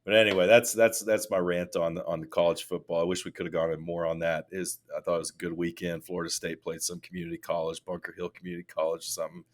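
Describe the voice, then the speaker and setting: A man co-hosting a casual podcast, telling animated stories that rise into loud mock rants. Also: low-pitched, fast, few pauses. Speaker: podcast co-host.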